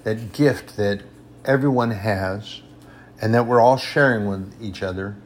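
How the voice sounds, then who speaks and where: A man preaches a sermon emphatically, repeating points for stress and reading scripture in a raised, slow voice. His voice is on the low side, with slight background noise.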